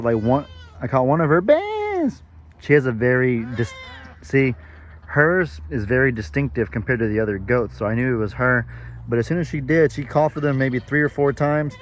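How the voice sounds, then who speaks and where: A man's voice: mid-range voice, dull audio, a little hiss or hum. A man who is a farmer vlogger, telling a story in a chatty, folksy way with frequent self-corrections. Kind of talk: casual storytelling vlog.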